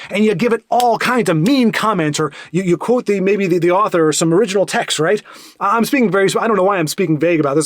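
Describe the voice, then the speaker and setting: A man talking in a casual, rambling monologue, animated and full of restarts and asides. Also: high voice, no room sound, studio quality. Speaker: podcast host.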